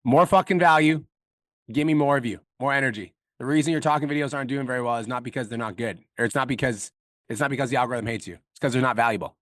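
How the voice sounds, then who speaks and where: A man coaching on a call, blunt and profane, talking fast and pressing hard. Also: medium pitch, a bit bright, no room sound, studio quality. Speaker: business coach.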